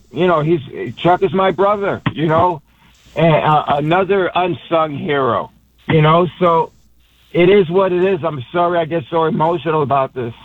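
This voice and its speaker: A middle-aged man from Puerto Rico speaking as a radio guest, passionate and rambling, with many restarts. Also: a little high. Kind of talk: emotional phone interview. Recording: tinny phone line.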